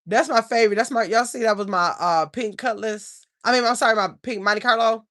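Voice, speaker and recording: A woman's voice: a little high, brisk, fairly bright tone. Chatty older woman on a livestream. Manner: chatty, rambling, addresses viewers as y'all. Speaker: channel host. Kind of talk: casual livestream chat.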